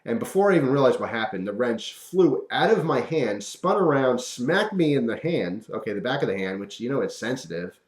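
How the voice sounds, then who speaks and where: Man, casual storyteller, animated delivery, middle-pitched voice, roomy echo. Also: a little fast, hardly any pauses. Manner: animated, acts out quoted voices, chuckles often. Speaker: vlogger telling a story. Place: room at home.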